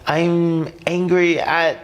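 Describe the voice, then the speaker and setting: A man's voice: a little high, level tone, extremely slow, voice pushed up. A man voicing a small, frightened young male fish in a storybook, talking in a pleading, whiny way.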